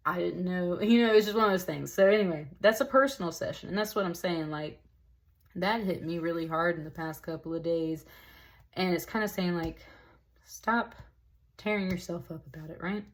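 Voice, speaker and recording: A woman with a low-pitched voice talks through a tarot reading in a loose, rambling way. She sounds emotional and slightly tearful, and she keeps dropping in "like" and "y'all" as she goes. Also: moderate pace. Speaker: tarot reader. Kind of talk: casual spoken tarot reading.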